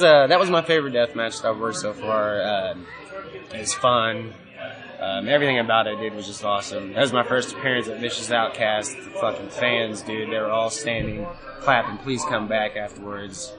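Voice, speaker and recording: A man's voice: on the low side, moderate pace, loud music behind the voice. A man telling a wild story in casual, profane talk, laughing often, recorded on a busy convention floor. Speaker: guest wrestler. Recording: noisy convention crowd. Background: crowd chatter.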